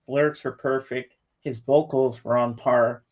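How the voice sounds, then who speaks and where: A man's voice: mid-range voice, steady tone, normal speed. A man co-hosting a podcast, chatting casually in an easygoing, plain-spoken way. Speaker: podcast co-host. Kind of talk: casual chat.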